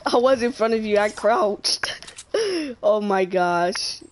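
A woman's voice: medium pitch, lively intonation, slow pace, slight background noise. A woman gaming online, casually chatting and teasing other players over voice chat, laughing often. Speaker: gamer streaming online matches. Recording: game gunfire and clicks behind the voice.

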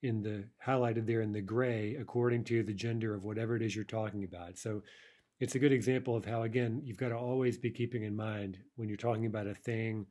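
A man's voice: on the low side, steady tone, brisk, a little mellow. A man teaching a recorded language lesson, explaining examples step by step and often checking in with "right?".

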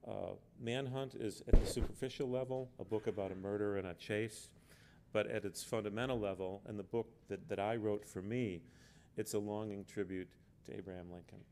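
Low-voiced man giving an earnest talk. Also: steady tone, brisk, a little mellow, a little hiss or hum. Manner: earnest, emphatic, with repeated words. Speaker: author speaking on a panel. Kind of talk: book festival talk. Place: book fair event.

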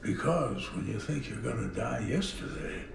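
An actor playing a frail, wry old man who speaks in a gravelly, unhurried way, from a TV drama clip. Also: lowish voice, animated, noisy background. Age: older. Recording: roomy film clip with faint ambience, distant.

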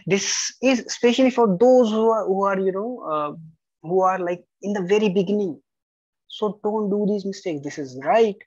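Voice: mid-range voice, normal speed, a little mellow, dry recording. A French tutor correcting a student's homework aloud, bluntly marking answers right or wrong, repeating the rules and spelling out letters. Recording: slightly dull lo-fi recording.

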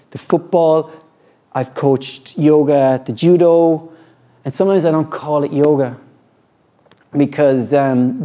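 A middle-aged man, a yoga teacher, talking reflectively and earnestly about his practice, halting often and restarting his sentences. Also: a little high, dark tone. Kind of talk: reflective personal talk.

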